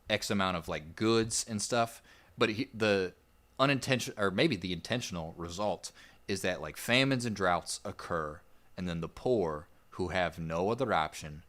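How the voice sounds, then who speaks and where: A man co-hosting a history podcast, recounting events in a relaxed, rambling way with plenty of "like" and "I guess". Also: deep voice. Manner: relaxed, rambling storyteller with fillers. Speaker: podcast co-host. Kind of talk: casual history podcast narration.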